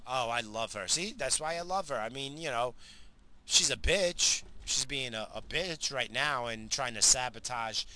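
A man's voice: medium pitch, animated, normal speed, pushed and bright, a little hiss or hum. A middle-aged man telling a story in a casual monologue, rambling and profane, laughing at his own tale.

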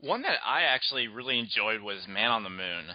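A man co-hosting a casual podcast chat, telling stories calmly. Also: fairly low pitch, a little fast, no echo. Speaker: podcast co-host. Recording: dry, dull lo-fi mic.

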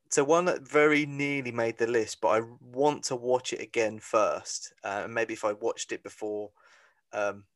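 A young man co-hosting a podcast, casually running through lists and steering the chat. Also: medium pitch. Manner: relaxed, steering the conversation. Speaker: podcast co-host.

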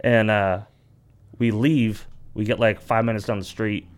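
A young man, casually telling funny stories on a podcast, acting out quotes with sudden high squeaky voices and laughing often. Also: measured pace. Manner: animated storyteller, acts out quotes, laughs often, swears. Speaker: podcast co-host. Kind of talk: casual storytelling chat.

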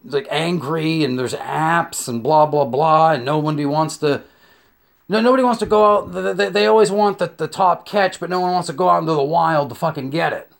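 A young man delivers a comedic monologue rant that is loose and profane. He stammers through restarts and slips into acted-out scenes. His voice sits a little high for a man. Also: vocal fry. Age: young adult.

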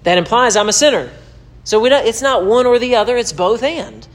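A man's voice: expressive, a little fast. Emphatic preacher man, repetitive. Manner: emphatic, repetitive, climbs in pitch when exhorting. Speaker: pastor. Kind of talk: sermon-style teaching to camera.

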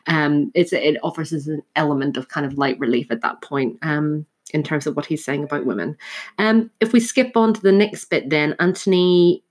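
A woman's voice: sits low, normal speed. A woman teaching literature, talking through a play scene line by line with frequent fillers and restarts. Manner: thoughtful, many fillers and restarts.

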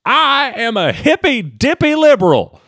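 Unhurried and studio-clean with no room sound, this man hosts his own comedy podcast as a stand-up comic. A faint Kentucky twang colors his rambling, self-deprecating talk, and he jumps in pitch animatedly to land jokes.

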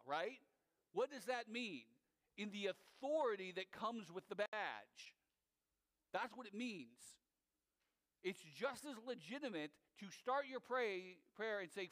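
A man preaching a sermon as pastor, in an animated, conversational way with asides to his listeners. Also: high-pitched, a little slow, long reverb tail.

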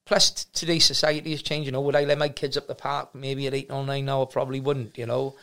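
Fast-talking gravelly man. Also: mid-range voice, flat delivery, fairly bright tone. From South Wales. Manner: rambling, frank, with many restarts. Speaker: martial arts gym owner, guest. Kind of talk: casual storytelling interview.

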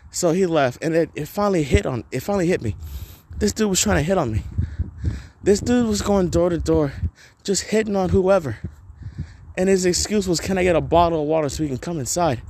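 Rambling, cursing podcast host, higher voice. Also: male voice, darkish tone, slight background noise. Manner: rambling and profane, heavy on filler words. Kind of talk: casual solo storytelling.

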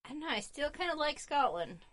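A woman with a slightly high voice co-hosts a casual podcast. Her pitch rises and falls in a lively way, and she speaks hesitantly, thinking aloud as she goes. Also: a little fast, dry recording. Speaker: podcast co-host. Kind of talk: casual chat.

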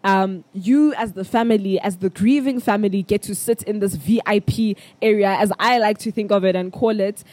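A young South African woman hosting a podcast, telling a personal story in a chatty, animated way with bursts of laughter. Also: mid-range voice, normal speed, hardly any pauses, dry recording. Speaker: podcast host. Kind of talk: casual storytelling monologue.

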